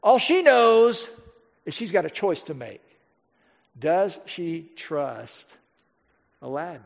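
A man preaching a sermon emphatically, slowing down and dropping to a near-quiet voice for key phrases. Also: fairly high pitch, sing-song, vocal fry. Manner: emphatic, with dramatic slowdowns and drops to near-quiet. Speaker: pastor. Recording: dull audio with long hall reverb.

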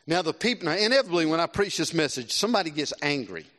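Animated man preaching in a big church. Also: on the high side, fast. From South Carolina. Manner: animated, swinging between loud exclamations and hushed earnest tones. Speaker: visiting preacher. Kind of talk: sermon. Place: large church with long reverb. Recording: reverberant church hall.

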